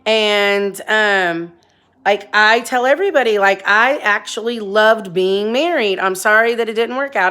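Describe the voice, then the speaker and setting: A woman's voice: mid-range voice, measured pace, pushed and bright, smooth. A woman in her forties talking bluntly about her own life in a candid, rambling monologue, swearing freely. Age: 40s. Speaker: vlogger.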